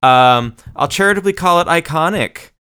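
A man's voice: a little high, lively intonation, moderate pace, bright, forceful tone, smooth, dry recording. A middle-aged man co-hosting a podcast in casual chat, dropping dry, wry interjections. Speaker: podcast co-host.

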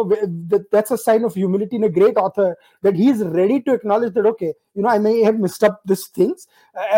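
A man's voice: high voice, warm tone, low-quality recording. A man with an Indian accent hosting a casual podcast chat, slipping Hindi phrases into his talk. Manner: fluid, mixes in Hindi phrases. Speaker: podcast host.

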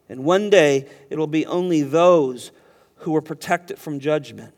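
Man, pastor, expository sermon, emphatic, slows to stress words, church sanctuary, echoing hall. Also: sits high. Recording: long hall reverb.

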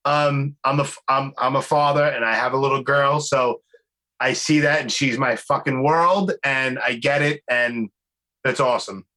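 A man's voice: medium pitch, fairly even intonation, moderate pace, pushed and bright, poor audio. A man hosting a podcast in casual interview chat, effusive and enthusiastic, swearing freely. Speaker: podcast host.

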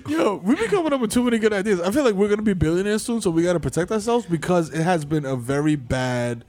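High-voiced, laughing man. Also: animated, fast, a little mellow. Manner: laughs often, chimes in, playful. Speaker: podcast co-host. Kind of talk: casual comedic chat.

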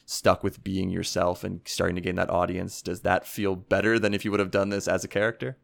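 A man hosting a podcast interview, asking questions in a wry, joking manner with long, quick runs of talk. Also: low-pitched, monotone, gravelly, no echo. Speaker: podcast host.

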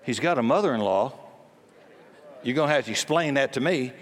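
A man preaches with blunt force, mixing jokes with sudden commands. His voice sits at an ordinary male pitch. It carries a long reverb from a large church hall. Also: lively intonation, brisk. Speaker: pastor. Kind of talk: sermon.

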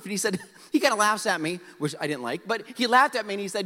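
A middle-aged man from South Dakota preaching a storytelling sermon, animated and self-mocking, acting out his own past lines. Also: high voice, fast. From South Dakota, USA. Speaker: pastor. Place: large church auditorium. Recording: hall reverb.

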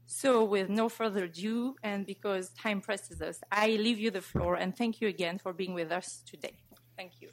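A woman moderates a public panel at a mid-range pitch. She reads a formal introduction at a measured pace, pausing often on small fillers. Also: slight background noise. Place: lecture hall event.

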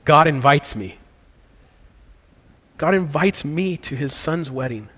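A man's voice: a little high, expressive, slow, a bit bright, slightly rough. Earnest male pastor in a reverberant sanctuary. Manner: earnest, conversational preaching with casual slang. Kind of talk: sermon leading into communion and prayer. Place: church sanctuary. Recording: long hall reverb.

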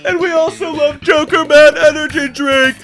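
A man putting on a high, whiny impression of a famous comedian on a comedy podcast. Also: normal speed, soft background music. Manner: high, whiny and excitable, rising questions. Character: man doing a nasal comic impression of a famous sitcom comedian.

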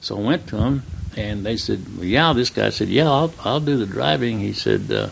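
A man's voice: fairly low pitch, moderate pace, vocal fry, slightly rough. Older man telling a stunt story. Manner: relaxed, plain-spoken anecdote telling with quoted dialogue. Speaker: retired stuntman guest. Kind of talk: storytelling in an interview.

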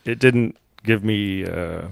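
A man's voice: lowish voice, takes it slowly, vocal fry, clear, resonant tone, no echo. A man co-hosting a podcast in casual chat, rambling with many fillers and restarts and laughing often. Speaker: podcast co-host.

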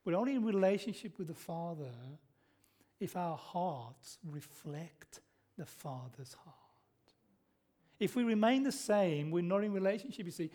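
Here the pastor is a middle-aged man with a high, slightly mellow voice, preaching in a church. His sermon moves through stories and questions he puts to the congregation before answering them himself.

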